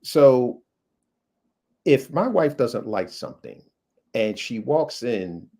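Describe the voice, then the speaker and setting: Middle-aged male host, expressive rising-falling delivery, anecdotal and self-correcting. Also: mid-range voice, takes it slowly. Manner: animated storyteller, self-correcting. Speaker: interview host. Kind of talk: interview conversation.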